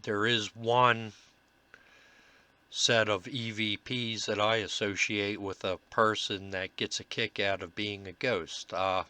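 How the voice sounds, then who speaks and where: A slow-talking man with a lowish voice and a sharp, bright edge to it. He explains his paranormal investigation recordings in an earnest, reflective way, pausing often on fillers as he gathers his thoughts. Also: flat delivery. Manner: halting, many filler pauses. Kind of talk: narrated commentary over recordings.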